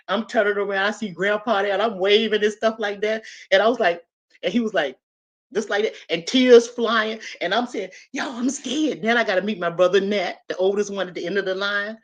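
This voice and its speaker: A woman in her fifties telling a personal story in a casual, animated way, talking straight to her listeners. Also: mid-range voice. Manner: animated, chatty, addresses listeners directly. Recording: slightly dull lo-fi audio.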